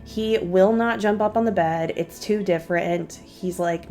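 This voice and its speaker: A woman's voice: fairly low pitch, unhurried, darkish tone, soft background music. A young woman vlogger chatting casually to her viewers while doing her makeup at home. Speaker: beauty vlogger. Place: home guest room used as office.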